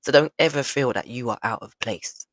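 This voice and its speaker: A man's voice: medium pitch, normal speed, a bit bright, dry recording, rough recording. A man hosting a live online show over a video call, effusive and repeating phrases for emphasis. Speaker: host.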